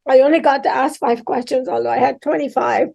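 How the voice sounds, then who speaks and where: A woman hosts a casual podcast chat, her voice pitched notably high. She sounds upbeat and keen as she praises a guest and passes the floor to her co-host. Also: steady tone, a little fast, creaky, darkish tone.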